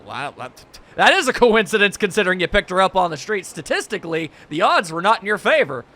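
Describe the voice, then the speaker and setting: A man's voice: sits high, sing-song, fairly quick, sharp tone. A man giving joking, wry commentary while playing a video game. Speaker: gaming channel host. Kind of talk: let's play commentary.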